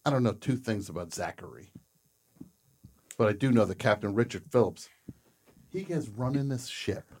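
A man hosting a casual comedy chat show, deadpan and joking, with bursts of loud laughter. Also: lowish voice, moderate pace, long pauses, slightly rough. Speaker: host.

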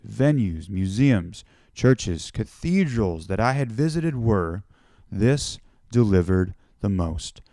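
A man's voice: fairly low pitch, dark tone, no echo, clean studio sound. Reflective man hosting a podcast. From United States. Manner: reflective, conversational. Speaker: podcast host. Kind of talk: storytelling podcast monologue.

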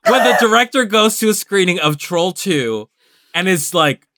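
A woman co-hosting a casual podcast chat, expressive, reacting with gasps and laughs. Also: medium pitch, normal speed, no echo, studio quality. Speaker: podcast co-host.

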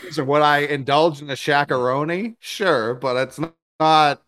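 A man's voice: fairly high pitch, unhurried, a bit bright. A man co-hosting a casual chat, wry and mocking, often laughing. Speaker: podcast co-host.

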